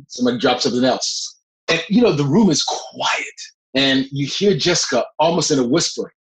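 Brief: middle-aged man, reflective and animated storyteller, mid-pitched voice, relaxed interview tone. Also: fairly quick, rough recording. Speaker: guest actor.

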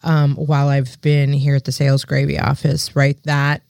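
A woman's voice: very deep voice, monotone, normal speed, creaky, a little mellow, no echo, clean studio sound. A woman co-hosting a podcast in casual chat, earnest and often restarting her sentences. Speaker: podcast co-host.

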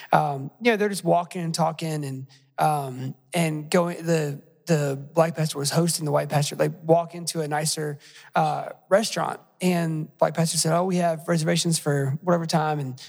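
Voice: medium pitch, gravelly, long reverb tail. A podcast host speaking conversationally and reflectively, with many fillers, retelling a story while wrapping up the interview.

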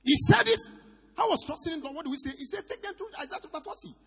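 A man's voice: extremely high pitch, expressive, very fast. A man with a Nigerian accent preaching a sermon as pastor in a church hall, calling out questions for the congregation to answer. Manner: preaching with shouted call-and-response. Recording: reverberant hall.

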